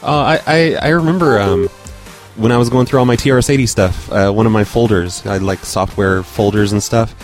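Rambling low-voiced man chatting. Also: fairly quick, soft background music. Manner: rambling, laughs easily, lots of fillers. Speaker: podcast co-host. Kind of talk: casual chat.

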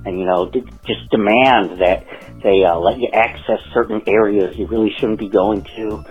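A man leaving a halting voicemail that is full of fillers as he pitches a prank idea. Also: fairly even intonation, slightly rough, soft background music. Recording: muffled voicemail audio.

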